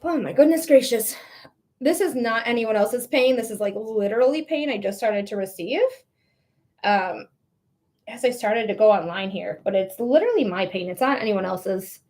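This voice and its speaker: A woman's voice: a little high, animated, normal speed, a little mellow. A woman giving live tarot readings on a stream, chatty and encouraging, talking straight to her viewers. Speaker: psychic reader.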